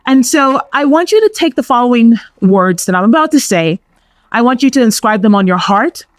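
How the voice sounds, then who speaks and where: A woman's voice: a little high, lively intonation, moderate pace, no room sound. A middle-aged woman with a New York accent giving an inspirational faith talk, emphatic and repetitive with a preacherly cadence. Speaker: Catholic speaker.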